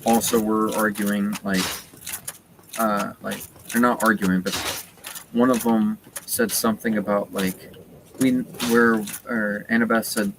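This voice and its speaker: A man's voice: on the low side, level tone, measured pace. A man casually retelling a story while playing a game, rambling with lots of fillers. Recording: noticeable background noise.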